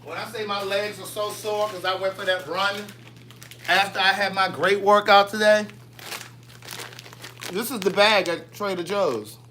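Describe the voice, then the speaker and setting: Man, bright forceful voice, pitched a touch high, easygoing vlogger chatter with viewers. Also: fairly even intonation, a little slow, pauses often, a little hiss or hum. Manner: chatty, playful, answers viewer comments. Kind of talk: casual live chat with viewers. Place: home kitchen.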